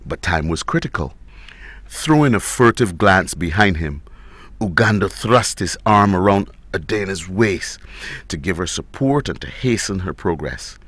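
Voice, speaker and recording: A man reading a story aloud as narrator, in a dramatic, expressive way. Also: low-pitched, measured pace, no echo.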